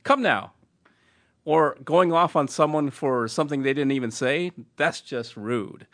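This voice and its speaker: A man's voice: on the high side, unhurried, a bit bright. A man co-hosting a podcast, reading a listener's letter aloud and laughing and stumbling over the words.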